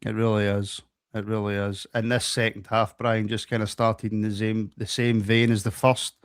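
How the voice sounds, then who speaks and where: A man's voice: fairly low pitch, level tone, normal speed, clear, resonant tone, no room sound, studio quality. A man co-hosting a casual football podcast, chatting and asking his co-host questions. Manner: conversational, asks questions.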